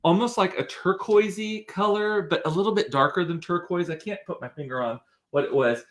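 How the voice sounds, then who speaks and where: A man's voice: high voice, fairly quick, a bit bright. A young man, telling a story in a chatty, rambling vlog with plenty of fillers and restarts. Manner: chatty, rambling, with many fillers and self-corrections. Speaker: vlogger.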